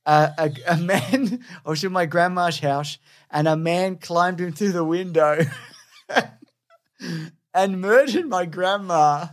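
A man doing a halting odd little schoolboy. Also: sits high. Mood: earnest. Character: odd young schoolboy telling a dark tale.

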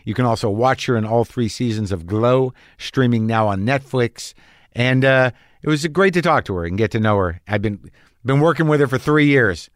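A man's voice: mid-range voice, normal speed, no echo, clean studio sound. A man hosting a podcast, telling rambling self-deprecating stories in a sardonic way, then chatting casually with a guest. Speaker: podcast host. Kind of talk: comic monologue then casual interview.

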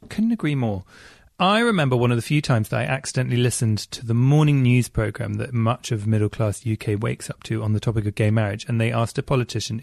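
A chatty man co-hosts a podcast, reading listener emails in a playful, expressive way. His voice has a gravelly edge. He is recorded close on a dry, dead mic. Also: medium pitch, fast, dry recording. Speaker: podcast co-host.

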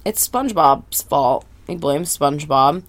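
A podcast co-host with a low-pitched, slightly slow voice and lively intonation animatedly recaps a cartoon episode in casual chat, acting out the characters' lines as she goes.

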